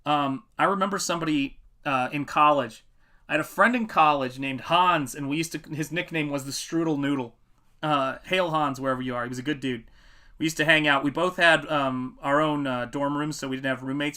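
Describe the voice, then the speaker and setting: Bright-voiced man, chatty storyteller. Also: a little high, brisk. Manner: animated storytelling, acts out quotes. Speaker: comic artist streamer. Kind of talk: casual livestream chat.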